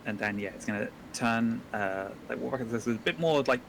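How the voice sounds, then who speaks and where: A man's voice: mid-range voice, expressive, fairly quick, vocal fry, a little hiss or hum, low-quality recording. A man playing a tabletop game, describing his character's actions casually with fillers. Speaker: player.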